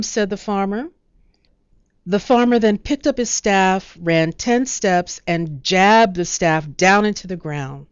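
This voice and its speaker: Woman storyteller, measured and expressive, smooth and dry. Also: medium pitch, dry recording, lo-fi sound. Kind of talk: storybook narration.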